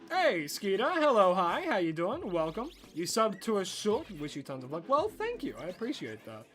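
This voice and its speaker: A young man streaming a game, telling stories to his chat in an animated way and laughing often. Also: high-pitched, moderate pace, slight background noise. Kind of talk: casual live-stream chat while gaming.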